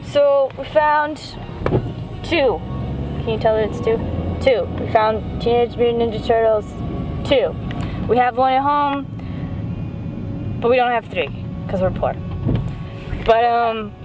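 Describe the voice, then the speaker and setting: A tipsy young woman rambles through a story with a slightly high voice, giggling as she goes. She fills her talk with likes and ums, speaking into a handheld camera mic. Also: takes it slowly, long pauses, music in the background. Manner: giggly, rambling, full of fillers. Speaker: vlogger. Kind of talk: casual rambling vlog rant.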